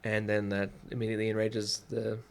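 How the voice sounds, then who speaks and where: A man co-hosting a podcast who chats casually about a book, chiming in with quick asides and hedges. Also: lowish voice, monotone, gravelly. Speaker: podcast co-host.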